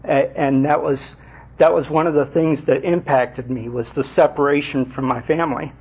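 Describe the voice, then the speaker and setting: A middle-aged man giving a personal testimony to a group, halting, with many fillers and restarts. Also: on the high side, steady tone, husky. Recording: muffled lo-fi recording.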